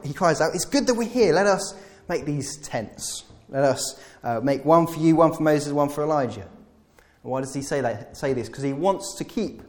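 A man delivers a sermon at a middle pitch, earnest and explanatory. He often backs up and restarts a phrase before pressing on, in the steady cadence of a pulpit talk. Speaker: preacher.

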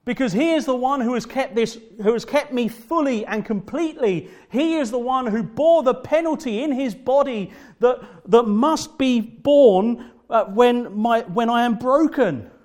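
A man with a notably high speaking voice delivers a sermon from the pulpit. He preaches with fervour, repeating phrases and slowing down to press home key words. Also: a little mellow. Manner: fervent preaching with emphatic repetition and slow drawn-out stresses. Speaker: pastor.

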